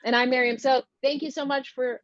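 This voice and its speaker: A woman performing a stand-up comedy set, with a dry, deadpan delivery over a video call. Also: high voice, fairly quick, dry recording. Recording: dull, slightly lo-fi sound.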